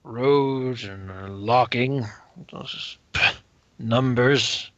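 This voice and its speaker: A man's voice: medium pitch, extremely slow, fairly bright tone, no room sound, dull audio. A man voicing a drunken, bitter old lord who talks in a slurred, sulky, rambling way. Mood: dismissive.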